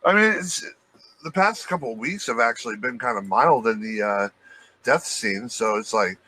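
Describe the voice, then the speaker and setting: A man co-hosting a podcast, telling a profane, animated work story in casual chat. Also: medium pitch, moderate pace, poor audio. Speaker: podcast co-host.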